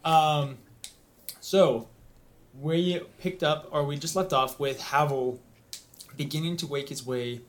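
A man narrating a tabletop game as game master, relaxed and peppered with ums. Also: on the high side, slow pace, pauses often.

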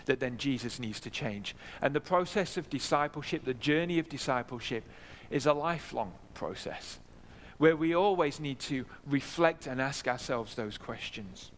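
A man's voice: mid-range voice, lively intonation, moderate pace, a little hiss or hum. A man preaching a sermon in a church, earnest, repeating key phrases for emphasis. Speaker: pastor. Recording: long hall reverb.

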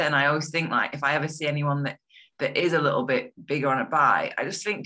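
A young woman talks in a bright, forward voice. She is chatty and enthusiastic, leaning on fillers as she speaks in a casual interview. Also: low-pitched, lively intonation, quick pace. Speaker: guest.

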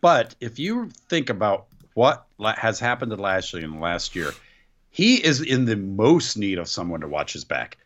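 Lowish voiced guy, dry skeptical remarks, bouncy intonation. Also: sing-song, normal speed, a bit bright, highs cut off. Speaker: podcast co-host. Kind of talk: casual chat.

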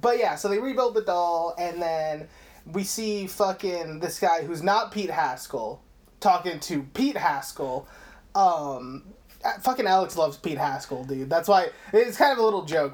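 A man's voice: high-pitched, moderate pace. A young man co-hosting a casual film podcast, rambling through a movie recap with lots of swearing. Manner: rambling, profane, animated storytelling. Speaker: podcast host.

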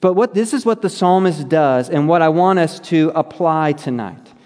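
A pastor speaks to his congregation in an earnest, conversational sermon, full of fillers. His voice sits a little high for a man. The sound carries a long reverb from the church sanctuary. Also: lively intonation, normal speed, a little mellow.

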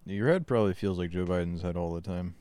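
A man's voice: sits low, fast, dark tone, smooth, no room sound. A man co-hosting a podcast, easygoing and giggly in casual chat. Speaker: podcast co-host.

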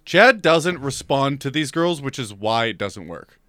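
A man's voice: mid-range voice, animated, unhurried, bright, forceful tone, no room sound, studio quality. Teasing young man on a podcast. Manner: teasing, laughs often, mock-exasperated. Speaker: podcast co-host. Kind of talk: casual podcast banter.

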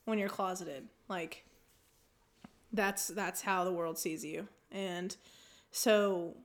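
A woman's voice: on the low side, steady tone, takes it slowly. A woman co-hosting a podcast, bantering playfully and teasing in casual chat. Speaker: podcast co-host.

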